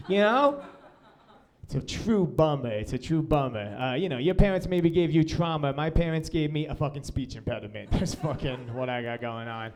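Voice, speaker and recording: A man's voice: a little high, normal speed, darkish tone. A man from Long Island with a Long Island accent, doing a live stand-up set in a small comedy club. He grew up with sign language as his first language and talks in a profane, self-deprecating way, full of "bro" and "dude.". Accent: Long Island New York. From Long Island, New York. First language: American Sign Language.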